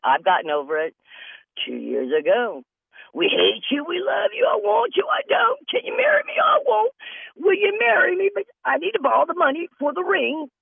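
A man's voice: mid-range voice, dry recording. A man delivering a rambling, erratic comic monologue as a radio host, drifting from topic to topic. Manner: erratic, digressive, swings into mocking quoted voices. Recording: tinny phone-like radio line.

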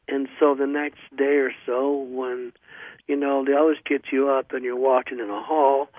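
A man hosting a talk show, telling a story in a loose, rambling way, often stopping to restart his sentences. His voice sits at an ordinary middle pitch and sounds thin and narrow, like it is coming down a phone line. The sound is dry, with no room around it. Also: no room sound. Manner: rambling, halting with many ums and restarts. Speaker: radio show host. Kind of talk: casual storytelling monologue.

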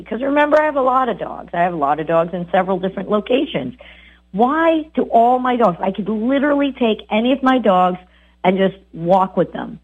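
A woman dog trainer giving lively, chatty advice on bonding with dogs. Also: mid-range voice. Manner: animated, chatty, voices the dogs. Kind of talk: casual advice talk. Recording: tinny phone-like audio.

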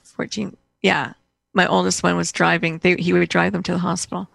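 A woman's voice: fairly low pitch, level tone, a little fast, gravelly, fairly bright tone, no echo. A middle-aged woman, a guest in conversation, telling a personal story in a rambling way with many restarts and fillers.

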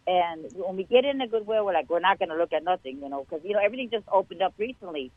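A woman telling a personal faith story to a church show host in a chatty, animated way. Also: on the low side, fast talker, no room sound. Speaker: guest caller sharing a testimony. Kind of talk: casual testimony. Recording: tinny phone line.

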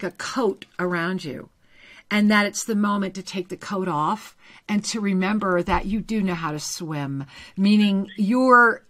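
A woman co-hosting a live spiritual call-in radio show, effusive and emotional, often dropping to a hushed, breathy voice. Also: mid-range voice. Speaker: co-host and intuitive reader.

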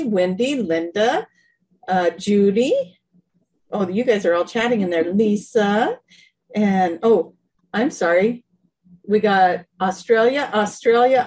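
A woman's voice: mid-range voice, expressive, slow, long pauses, a little mellow, rough recording. A woman co-hosting a casual online show from her bedroom, chatty and laughing, often sidetracked by tech trouble. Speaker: co-host. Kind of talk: casual video-call chat.

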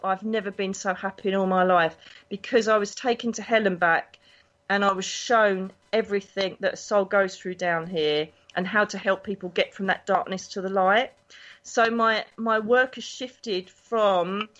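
A woman, a psychic guest telling stories in a chatty, animated way. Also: mid-range voice. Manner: animated, chatty, acts out voices in her anecdotes. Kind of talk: casual storytelling interview. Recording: dull lo-fi recording.

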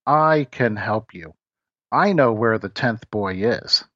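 A man voicing a wise old man who speaks calmly and reassuringly. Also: on the low side, slow pace, dry recording, lo-fi sound, full character voice. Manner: calm and reassuring.

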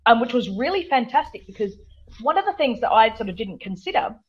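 A woman's voice: fairly high pitch, big pitch swings, fairly quick, slightly rough, highs cut off. An Australian woman from South Australia, a guest author chatting in a radio interview, full of fillers, restarts and laughter.

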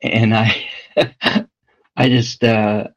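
A man who leads a small home church, speaking reflectively with many pauses and fillers. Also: fairly low pitch, little pitch movement, a bit bright, dull audio. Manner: hesitant, halting, many fillers. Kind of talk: reflective casual talk.

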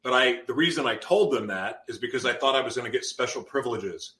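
A man's voice: mid-range voice, expressive, quick pace, sharp tone. A man guest on a podcast, giving an intense personal testimony and acting out his past outbursts as he tells it.

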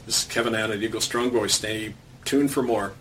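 A man's voice: on the low side, fairly even intonation, fairly quick, a bit bright, far from the mic, a little hiss or hum. A man from Canada reading his own commentary column aloud in an emphatic, sardonic way.

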